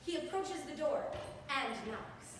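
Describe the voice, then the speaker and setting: A woman's voice: high-pitched, expressive, a little slow. A woman hosting and directing a live fan fiction stage reading, playful and self-amused. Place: convention stage. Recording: roomy hall, distant mic, background noise.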